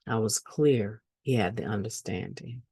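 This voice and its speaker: A woman's voice: very deep voice, unhurried, mellow, slightly rough, dry recording. A woman giving an earnest personal testimony at a recovery meeting, repeating phrases for emphasis.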